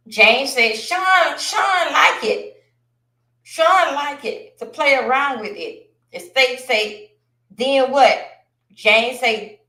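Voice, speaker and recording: A woman hosting a casual livestream, reading out and reacting to court testimony in an animated, drawn-out way with sighs and exclamations. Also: high voice, echoey room.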